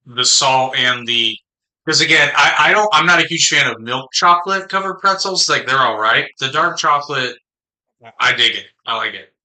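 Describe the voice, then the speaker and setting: A man's voice: medium pitch, normal speed, pushed and bright, poor audio. A man co-hosting a podcast in casual, laid-back, jokey chat. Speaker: podcast co-host.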